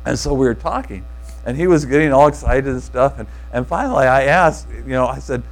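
A man preaching to a congregation in a relaxed, storytelling way, often restarting his sentences and tossing asides to the listeners. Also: mid-range voice, a little fast, vocal fry, poor audio. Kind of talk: informal sermon storytelling.

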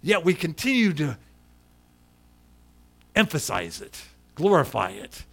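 A man's voice: fairly high pitch, wildly swooping pitch, takes it slowly, gravelly, fairly bright tone. Middle-aged guy preaching a sermon, talks like he's chatting, calls out people in the pews. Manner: conversational, calls on people by name. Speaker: pastor.

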